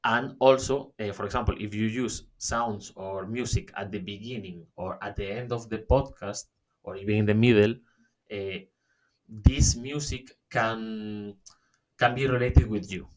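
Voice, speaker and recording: Slow-talking man giving a webinar. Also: on the low side, steady tone. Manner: halting, many fillers and restarts, says "okay?" often. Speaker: webinar presenter. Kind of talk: online workshop talk.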